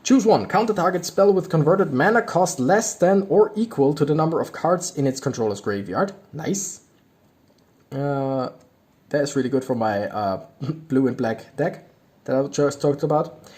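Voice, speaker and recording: Animated man reading card text. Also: fairly high pitch, normal speed. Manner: reads card text aloud, excitable reactions. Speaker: YouTuber opening card packs. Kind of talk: casual card-opening commentary.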